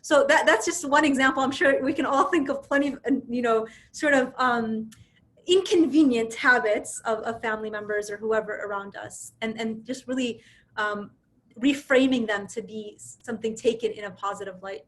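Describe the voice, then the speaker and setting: Woman speaker, slightly high voice, lively storytelling, video-call audio, frequent restarts. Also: moderate pace. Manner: animated storytelling, frequent restarts and tag questions. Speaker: speaker giving a religious reminder. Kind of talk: casual religious storytelling talk.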